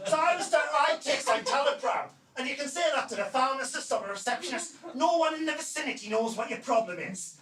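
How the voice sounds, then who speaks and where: Lively man doing stand-up. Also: extremely high pitch, a little fast, hardly any pauses, noisy background. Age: 40s. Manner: animated, punchy delivery that often rises to a shout. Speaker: stand-up comedian. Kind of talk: stand-up comedy set. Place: comedy club stage before a live audience. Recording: echoey club room miked from a distance, loud crowd laughter.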